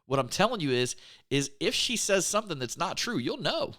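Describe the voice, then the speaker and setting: This relationship speaker's motivational faith talk on relationships comes in a fairly high, sharp-toned voice, fairly quick and full of big pitch swings. He repeats words for emphasis and frequently calls his listeners friends.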